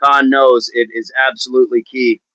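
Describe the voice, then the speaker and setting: A man's voice: mid-range voice, little pitch movement, normal speed, fairly bright tone. A man coaching fitness on a livestream, talking with viewers in an upbeat, encouraging way and often repeating his phrases. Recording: dull, dry livestream audio.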